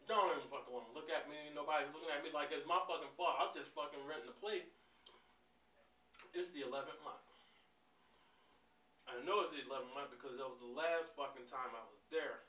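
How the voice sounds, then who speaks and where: A man in a casual storytime vlog, telling a story in an animated, profane way and often breaking into laughs. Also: on the high side, brisk, pauses often. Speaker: vlogger. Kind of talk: casual storytime while eating. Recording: roomy sound, mic at a distance.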